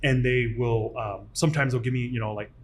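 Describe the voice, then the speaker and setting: A man in his thirties hosts a casual podcast chat. He tells his stories with animated energy and pokes fun at himself. His voice sits at an ordinary middle pitch. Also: fairly quick, a little hiss or hum. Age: 30s. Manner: animated, self-deprecating storyteller. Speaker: podcast host.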